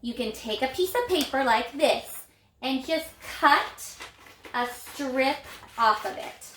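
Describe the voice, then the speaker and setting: A woman teaching an early reading lesson to young children, patiently stretching out and repeating vowel sounds in a clear, encouraging way. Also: sits high, lively intonation, takes it slowly, fairly bright tone, slight background noise. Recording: echoey room.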